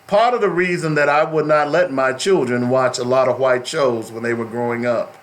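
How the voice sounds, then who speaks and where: A man's voice: mid-range voice, steady tone, moderate pace. A middle-aged man hosting a talk radio show, speaking in an emphatic, preachy way and repeating phrases for stress.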